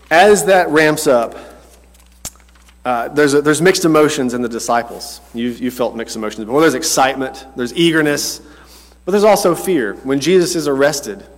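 A man's voice: mid-range voice, animated, moderate pace. A man preaching a sermon in a casual, conversational way, correcting himself as he goes and speaking straight to the congregation. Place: church. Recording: long church reverb.

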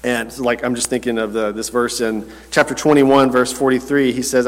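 A man's voice: mid-range voice, level tone, moderate pace. A man preaching a sermon in a casual, conversational way, correcting himself as he goes and speaking straight to the congregation. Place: church. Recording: long church reverb.

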